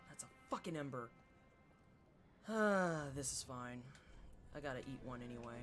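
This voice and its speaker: A woman's voice: extremely low pitch, lively intonation, soft background music. A woman live-streaming a game, and her voice swings widely up and down as she reacts. She trash-talks her opponents playfully, swears at every setback and keeps up casual running commentary. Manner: loud, playful trash talk; quick reactions, frequent swearing.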